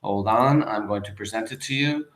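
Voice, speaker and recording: A man's voice: on the low side, normal speed, fairly bright tone. A man teaching a class, explaining a poem in a casual, conversational way. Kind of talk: lesson on a poem, reading aloud and explaining. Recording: echoey room.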